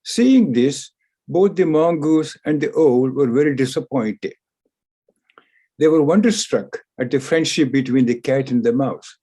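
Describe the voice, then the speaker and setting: A man lecturing on scripture, retelling an ancient story in a deliberate discourse, repeating phrases for emphasis. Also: fairly high pitch, lively intonation, mellow, breathy edge.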